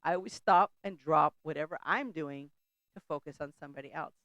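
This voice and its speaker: A woman's voice: sits low, fairly quick, a bit bright, no echo, rough recording. A middle-aged woman hosting a faith talk show, preaching in a chatty, conversational way and often breaking off to laugh or restart a thought.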